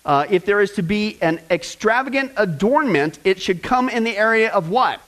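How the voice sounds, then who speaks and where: A male pastor preaching a lively sermon, joking and talking straight to his congregation. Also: high voice, moderate pace, rough recording. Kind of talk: sermon with fill-in-the-blank notes.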